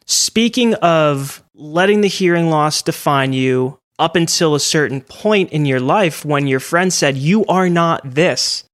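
Higher-voiced man hosting a podcast. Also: measured pace, few pauses, fairly bright tone, no room sound, clean studio sound. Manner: asks long, winding questions. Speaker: podcast host. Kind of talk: podcast interview.

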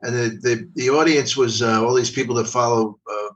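Rambling older comedian from Philly. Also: male voice, medium pitch, steady tone, fairly quick, a bit bright, dull audio. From Philadelphia. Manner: rambling, repeats words, profane. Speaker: guest comedian. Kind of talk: casual storytelling. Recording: voice from a distance.

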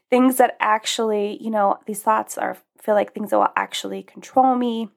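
A woman's voice: on the high side, gravelly. A young adult woman hosting her own podcast, talking in a chatty, upbeat and self-reflective way. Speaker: podcast host. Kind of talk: casual solo podcast talk.

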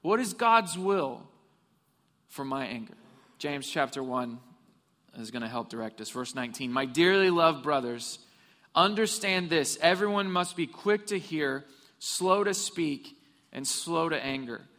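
A pastor's voice, a little high and pushed and bright, comes a little slowly as he preaches in a church hall. He tells humorous stories and asks the congregation questions, and a long hall reverb is audible.

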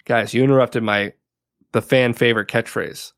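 A man of ordinary, mid-range pitch talks through a TV episode on a casual podcast. He is chatty and loose, peppering his recap with "like" and breaking into laughter now and then. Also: steady tone, normal speed, fairly bright tone. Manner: chatty, laughs often, leans on "like" a lot. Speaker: podcast co-host.

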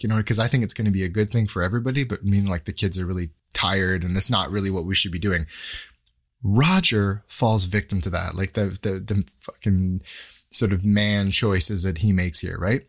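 Lower-voiced man chatting casually. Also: steady tone, normal speed. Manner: enthusiastic, swears, frequent "right?" and "like". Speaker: podcast co-host. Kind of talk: casual chat.

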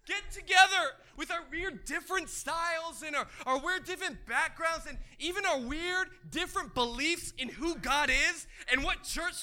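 In a strikingly high voice, a male pastor preaches an energetic, lively sermon with a bright, forceful tone. Caught up in his excitement, he stumbles into restarts and frequently surges into shouting.

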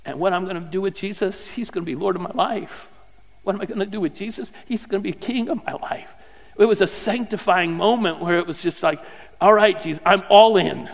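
A middle-aged man preaching a sermon, swinging from loud fervent questions to hushed, near-whispered lines. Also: a little high, creaky. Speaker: pastor. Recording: long hall reverb.

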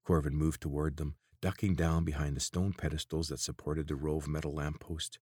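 A man narrating a fantasy audiobook in a steady, measured way. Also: very deep voice, slightly rough, no echo, clean studio sound. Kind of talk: scripted narration.

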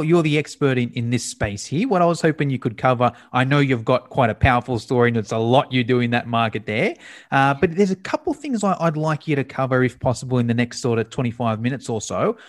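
A man hosting a podcast, chatting casually and laughing easily while interviewing a guest on a remote call. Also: medium pitch. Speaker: podcast host.

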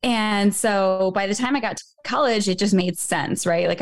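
A woman in her thirties, a podcast guest who tells her story in a chatty, animated way. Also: medium pitch, moderate pace, hardly any pauses. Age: 30s. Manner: animated, chatty storytelling, acts out voices in quotes. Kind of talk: casual interview conversation.

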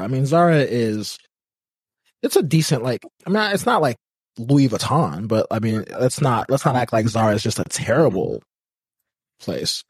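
A man's voice: medium pitch, sing-song, moderate pace, breathy edge, no room sound, clean studio sound. A man co-hosting a podcast in a casual chat, teasing his co-host and stammering through restarts as he argues.

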